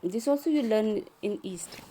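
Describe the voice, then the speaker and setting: A woman's voice: mid-range voice, expressive, normal speed, dark tone, husky. A woman teacher, reading a play to her class and rephrasing each line in simple words.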